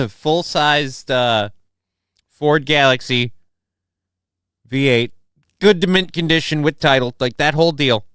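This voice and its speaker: A man's voice: a little high, pushed and bright, smooth, no echo, clean studio sound. A young man hosting a live stream, reading the chat and ranting in a crude, sarcastic, profane way. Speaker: livestream host reading chat.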